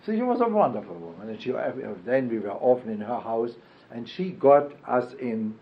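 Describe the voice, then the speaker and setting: An older man recalling his past in an oral history interview, speaking haltingly with fillers and self-corrections. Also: mid-range voice, very animated. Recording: dull lo-fi archival tape.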